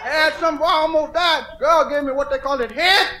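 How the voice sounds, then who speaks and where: An older man telling rambling, profane stories, laughing and swinging from mutters to shouts. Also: very high-pitched, moderate pace. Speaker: storyteller. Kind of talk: profane anecdotal storytelling. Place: outdoors.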